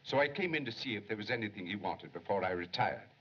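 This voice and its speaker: A husky, respectful servant. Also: male voice, lowish voice, expressive, quick pace, fairly bright tone. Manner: respectful, careful. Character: dutiful, respectful male household servant. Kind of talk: 1930s film acting. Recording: dull 1930s film soundtrack.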